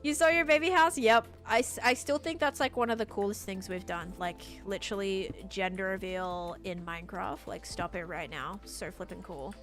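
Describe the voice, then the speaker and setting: Australian woman, live streamer, casual chat while building, mid pitch, faint music behind. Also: normal speed, few pauses.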